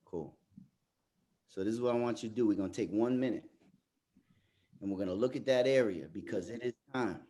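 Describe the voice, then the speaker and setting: A man leading a motivational group coaching session over a video call, talking straight to the group as a lively storyteller. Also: fairly low pitch. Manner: animated storyteller, addresses the group directly. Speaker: workshop facilitator.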